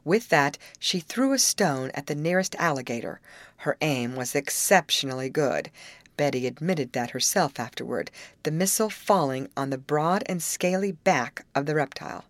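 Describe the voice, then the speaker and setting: A woman narrates a storybook in a lower, measured voice. Her pitch moves about with lively expression. The recording is close and completely dry. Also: dry recording. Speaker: audiobook reader. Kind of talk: scripted narration.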